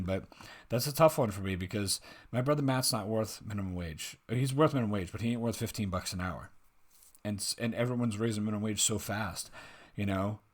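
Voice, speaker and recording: A man hosting a reaction video, giving blunt, rambling opinions and swearing freely. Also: lowish voice. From United States. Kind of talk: casual opinionated reaction commentary.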